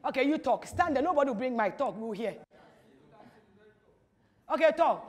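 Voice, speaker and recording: A woman giving an animated, teasing church talk to an audience, full of rhetorical questions. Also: high voice, normal speed, in a large hall. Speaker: speaker at a church teaching. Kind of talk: lively sermon-style talk to an audience.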